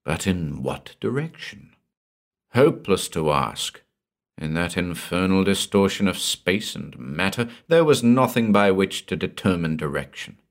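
A man with a very low, deep voice reads a horror tale aloud. He takes his time, narrating slowly with a measured, brooding delivery. The style is dramatic audiobook narration. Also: expressive.

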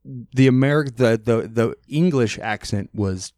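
A man hosting a podcast in a studio, talking in a rambling, animated, profane way. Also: mid-range voice, a little slow, no room sound. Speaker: podcast host. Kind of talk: casual chat.

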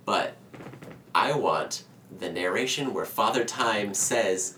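A man co-hosting a casual podcast chat, joking and animated as he retells a show's plot. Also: fairly low pitch, slow. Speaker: podcast co-host. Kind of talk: casual chat reviewing a holiday special. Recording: roomy, distant mic, faint background noise.

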